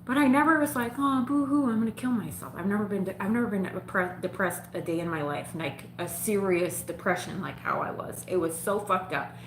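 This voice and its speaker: A woman's voice: lowish voice, brisk, few pauses, echoey room, background noise. A woman vlogger telling a personal story straight to her viewers, frank and profane, laughing often.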